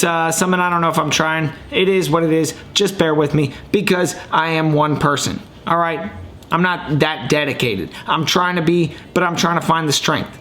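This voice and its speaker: Man, podcast host, slightly high voice, rambling, excitable, self-mocking, casual sports chat, home recording. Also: slight background noise. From Ohio. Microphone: camera and computer mic.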